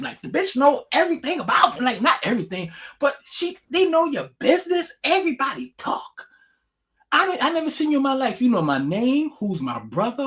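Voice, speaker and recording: A man vents to his viewers in a loose, rambling rant, cursing freely and stumbling over his words. His talk stays animated as he restarts sentences again and again. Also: high voice. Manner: profane, animated, many restarts. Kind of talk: rambling casual rant to camera.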